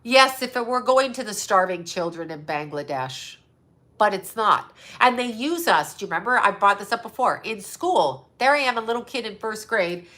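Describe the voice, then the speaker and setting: A woman's voice: mid-range voice, expressive, moderate pace, pushed and bright. A middle-aged woman hosting her own channel, ranting angrily and sarcastically to her viewers and swearing often. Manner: angry, profane, sarcastic ranting. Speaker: psychic medium and channel host.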